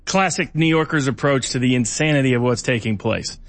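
A male show host giving steady, matter-of-fact commentary and a sponsor read. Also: mid-range voice, fairly quick.

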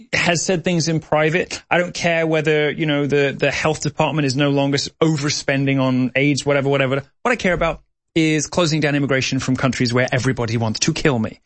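A man's voice: on the high side, a bit bright. A man, chatting as a guest in a camp, theatrical way, laughing often. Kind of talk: casual chat.

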